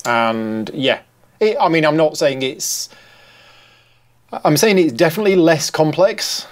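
A man's voice: on the high side, animated, unhurried. Hesitant man hosting a podcast. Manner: hesitant, many restarts. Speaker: podcast host. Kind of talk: casual chat.

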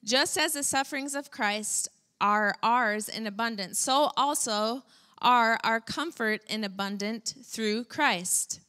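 A woman preaching a sermon to a congregation, animated and now and then acting out whiny complaints in a high voice. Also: slow.

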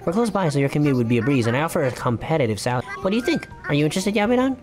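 A man's voice: sing-song, racing, faint music behind. A man voicing a cheerful young female otter office manager while reading game dialogue aloud. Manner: bubbly, businesslike sales pitch.

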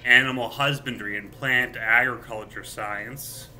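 Slow, sharp-voiced man rambling. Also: medium pitch, fairly even intonation, slight background noise. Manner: halting, with many filler pauses. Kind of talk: rambling solo monologue.

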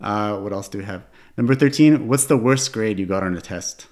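A man's voice: on the low side, fairly quick, darkish tone. A man hosting a podcast, reading numbered questions off a list with short friendly replies. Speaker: podcast host. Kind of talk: casual interview questions.

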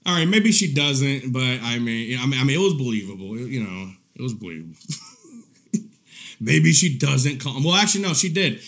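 A man's voice: mid-range voice, animated, normal speed, fairly bright tone. A man hosting a live stream, talking in a casual, rambling way, swearing and repeating himself, often breaking into laughter. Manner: profane, repetitive, laughs often. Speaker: live-stream commentary host.

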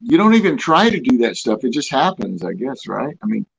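A male fight referee tells friendly stories in a gravelly voice and laughs along as he goes. His audio is dull and lo-fi. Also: mid-range voice, big pitch swings, brisk, a crowd in the background. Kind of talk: casual interview.

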